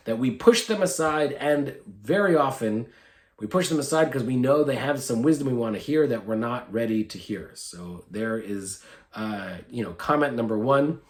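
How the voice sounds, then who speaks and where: Animated man giving a short Torah talk. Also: a little high. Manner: animated retelling, informal with fillers. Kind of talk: short sermon, conversational storytelling. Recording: echoey room.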